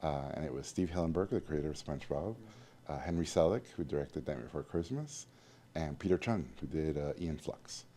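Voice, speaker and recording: A man being interviewed, telling lively stories about his early art training and acting out the people in them. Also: a bass voice, fairly quick. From Mexico. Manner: animated storyteller, acts out quoted voices. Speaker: guest animator. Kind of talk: storytelling interview.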